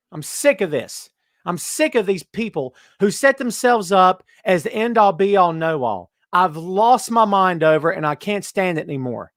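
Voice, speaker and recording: Ranting podcast host man, higher voice. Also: animated, normal speed, a bit bright, dry recording, clean studio sound. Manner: ranting, emphatic, repeats himself. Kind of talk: live wrestling podcast chat.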